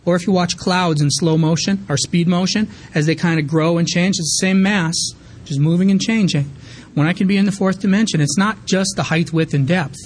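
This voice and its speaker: A man in his thirties tells his sobriety story at a rapid clip, candid and rambling, full of fillers and restarts. His voice sits a little high for a man. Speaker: recovery meeting speaker. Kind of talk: personal recovery story.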